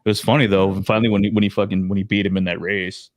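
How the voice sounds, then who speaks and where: A man with a lowish voice talks in casual podcast chat, crude and rambling, with frequent restarts. The sound is dry and close. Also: little pitch movement, racing, no echo.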